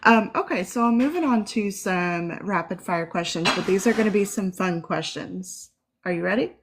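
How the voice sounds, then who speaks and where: A Southern woman co-hosts an online town hall from a video call. She fires off quick questions in an upbeat, chatty tone and laughs easily between them. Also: mid-range voice, noisy background. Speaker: co-host asking questions. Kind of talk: rapid-fire interview questions.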